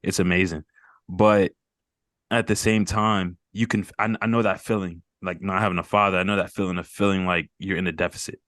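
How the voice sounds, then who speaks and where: A man's voice: sits low, little pitch movement, brisk, fairly bright tone, dry recording, clean studio sound. A man hosting a mental health group call, talking earnestly and rambling, repeating words and laughing off his emotions.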